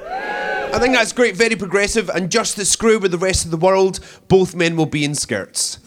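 A man's voice: huge pitch swings, normal speed, noisy background. A young Scottish man doing a cheeky stand-up routine on a comedy club stage. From Scotland. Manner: cheeky, punchy delivery with shrill put-on women's voices.

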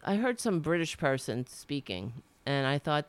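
A woman's voice: deep voice, very animated, moderate pace, clear, resonant tone. A woman from New York with a New York accent, hosting a political talk radio show, blunt and indignant, swearing freely and restarting her sentences.

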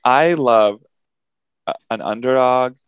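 A man's voice: medium pitch, slow pace, smooth, dry recording, lo-fi sound. A young man co-hosting a podcast, rambling casually with plenty of swearing and laughter. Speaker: podcast co-host. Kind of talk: casual chat.

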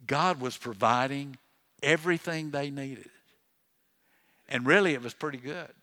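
A man's voice: medium pitch, bright, forceful tone. An older man preaches in an easy, conversational way from a church pulpit, his voice sitting in a middle range. He repeats himself, restarts his sentences, and checks in with his listeners as he goes. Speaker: pastor. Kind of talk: sermon.

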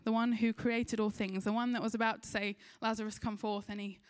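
A woman's voice: mid-range voice, flat delivery, a little fast, clean tone. A woman with an English accent preaching a sermon, retelling a scripture story in an earnest voice and briefly acting out the people in it. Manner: earnest storytelling, acts out quoted lines.

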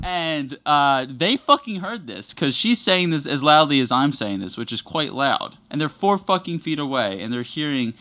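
A man's voice: a little high, animated, normal speed, few pauses, sharp tone. A young man telling a long, rambling story in casual podcast chat, swearing constantly.

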